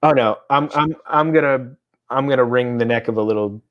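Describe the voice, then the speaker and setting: A man's voice: mid-range voice, brisk, muffled recording. Playful, laughing male podcast co-host. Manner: playful, laughs easily, acts out quotes in silly voices. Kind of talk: casual podcast chat.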